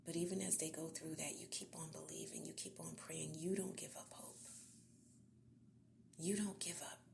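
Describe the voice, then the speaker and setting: A woman podcast host, giving an encouraging devotional talk in a soft, half-whispered, earnest voice. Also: low-pitched, fairly even intonation, moderate pace, gravelly, a little hiss or hum.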